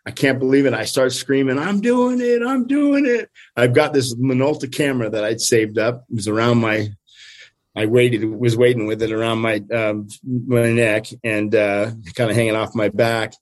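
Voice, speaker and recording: An older man, a fishing guide, telling a story with lively energy and acting out what people said. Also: moderate pace. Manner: lively, acts out quotes with big pitch jumps, laughs often. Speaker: steelhead fishing guide, guest. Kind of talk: animated storytelling.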